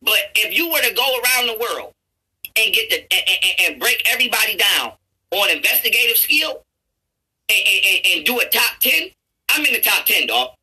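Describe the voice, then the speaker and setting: A man YouTuber in an angry, profane rant, stammering and restarting his words and building up to shouts. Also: high voice, very animated, moderate pace, husky, poor audio. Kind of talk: angry ranting commentary over a played clip.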